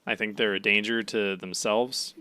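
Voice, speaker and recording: A man's voice: fairly low pitch, fairly even intonation, moderate pace, bright, forceful tone, smooth, dry recording. A young man co-hosting a podcast, chatting casually with lots of fillers and frequent laughter. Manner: laughs often, loose and rambling with many fillers. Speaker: podcast co-host. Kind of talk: casual chat recapping an anime.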